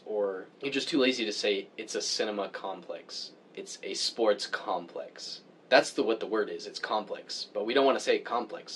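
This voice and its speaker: A man with a fairly low voice, talking casually and opinionated as he complains about things that bug him. He gets animated and his pitch jumps up when he is worked up. A faint hum of background noise sits under his voice. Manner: opinionated, grumbling about pet peeves. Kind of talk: casual chat.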